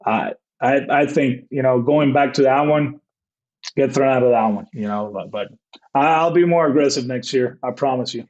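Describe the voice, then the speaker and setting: An animated, rambling baseball manager guests on a podcast, telling anecdotes packed with fillers and acted-out quotes in a casual storytelling interview. His voice sits in the mid range at a normal speed, and the audio is dull.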